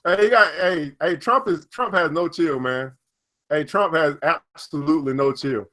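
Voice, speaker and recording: A man's voice: on the high side, moderate pace. A young man, hosting casual news and market commentary, reading headlines and riffing with frequent laughter. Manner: animated, laughs often, reads headlines then riffs. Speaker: financial commentary host.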